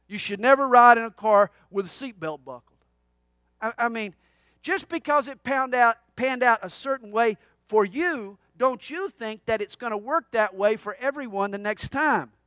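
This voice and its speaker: A pastor preaching an expository sermon, emphatic and conversational with humorous asides. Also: male voice, high voice, pushed and bright, no room sound, clean studio sound.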